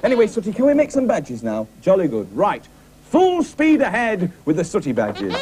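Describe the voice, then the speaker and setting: A man presenting a children's puppet show, chatting excitedly with the puppets. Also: high voice, moderate pace.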